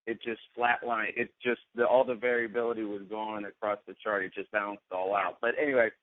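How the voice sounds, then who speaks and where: A man's voice: lowish voice, flat delivery, fairly quick, no echo. Man, podcast co-host, rambling, restarts sentences, thin phone-like audio, dry. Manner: rambling, self-interrupting. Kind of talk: casual podcast chat. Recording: tinny phone-like sound.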